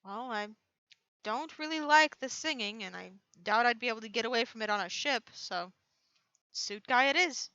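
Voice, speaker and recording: A woman's voice: fairly high pitch, expressive, normal speed, sharp tone, no echo, lo-fi sound. Woman playing a pirate captain. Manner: casual, laughs often. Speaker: player.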